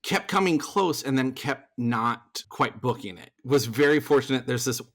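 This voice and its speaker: A man in a podcast interview tells stories about his stage career in an animated, conversational way. His talk is loose and chatty, full of asides. His voice sits in an ordinary middle register. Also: medium pitch, moderate pace. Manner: animated, acts out other people's lines in the story; loose, chatty delivery with fillers and restarts. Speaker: podcast guest, theater performer and voice actor. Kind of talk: conversational storytelling.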